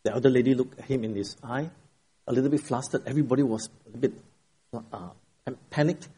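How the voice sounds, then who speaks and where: A middle-aged male pastor preaching a Sunday sermon in a church, telling stories and praying, with emphatic rises and quiet drops. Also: medium pitch, a little fast, slightly rough. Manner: expressive storytelling, rising for emphasis, then dropping quiet. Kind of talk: sermon with an opening joke and prayer. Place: church sanctuary at the pulpit.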